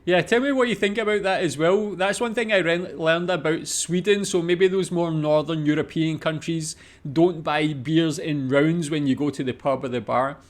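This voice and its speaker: A Scottish man hosting a casual reaction video, repeating foreign words slowly and chatting between them. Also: fairly high pitch. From Scotland.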